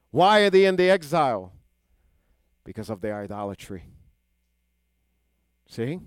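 A man's voice: on the high side, smooth, no room sound. A man teaching a scripture lesson who explains Hebrew words and keeps asking his listeners questions. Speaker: Torah teacher.

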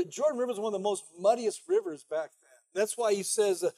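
A man's voice: high-pitched, very animated, quick pace, mellow. A man preaching a sermon as pastor, conversational and emphatic, often saying "you know".

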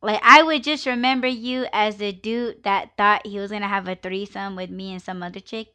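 A woman's voice: mid-range voice, steady tone, normal speed, sharp tone, clear, resonant tone. A woman hosting her own live podcast, chatting casually and ranting with plenty of swearing and laughter. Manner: ranting, profane, laughs often. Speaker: podcast host.

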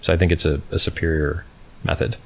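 A man with a bass voice delivers his lines flatly and briskly while hosting an informal stream. He rambles, pokes fun, reads off the screen and chats with viewers.

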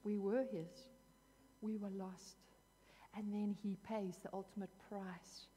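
A woman's voice: mid-range voice, little pitch movement, takes it slowly, mellow, husky, big-room sound. A woman preaching a sermon in an earnest, emphatic way, repeating phrases for weight.

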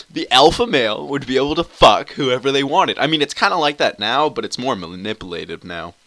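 The young man, a Canadian hosting his own podcast, talks at normal speed in a medium-pitched, animated, bright and forceful voice, captured dry on a cheap home computer mic. Alone on the show, he rambles crudely, swearing constantly and restarting his sentences.

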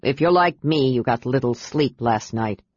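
A reader voicing a gruff, good-humored male emperor who gives slow, authoritative orders. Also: medium pitch, darkish tone, no room sound, highs cut off, pitched below the performer's own voice, close to an everyday voice. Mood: commanding.

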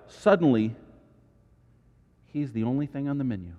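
A man preaching a sermon as pastor, animated, with dramatic asides and sudden high exclamations. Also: moderate pace, big-room sound.

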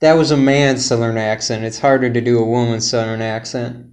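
A man's voice: medium pitch, fairly even intonation, fairly quick, darkish tone, faint music behind. A man co-hosting a podcast, casually retelling a silly plot and laughing through his own jokes. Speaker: podcast co-host.

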